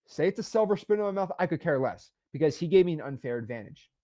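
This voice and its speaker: A man in his twenties, a real estate wholesaling educator, talking emphatically and repeating himself as he pitches directly to the camera. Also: lively intonation, mellow. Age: 20s. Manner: emphatic, repetitive, fast-talking, self-assured.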